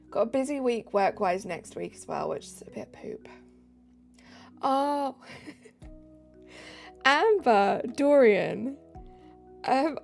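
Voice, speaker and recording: A tired British woman chatting casually on a live stream, giggly, reading chat aloud and dropping into soft asides. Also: high voice, creaky.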